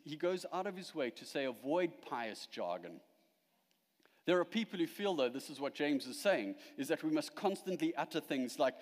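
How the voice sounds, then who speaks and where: A male pastor preaching a sermon, emphatic at the peaks and dropping quiet at the close. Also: on the high side, big-room sound.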